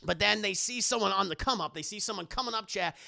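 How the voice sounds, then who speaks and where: A man's voice: sits high, quick pace, vocal fry, pushed and bright. A man streaming live, giving a casual, rambling movie recap and laughing at himself. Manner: laughing, rambling, self-mocking.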